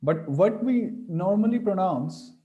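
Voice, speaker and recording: A man teaching a pronunciation lesson, slowly demonstrating sounds and repeating syllables. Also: high-pitched, expressive, dull audio. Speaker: Sanskrit teacher.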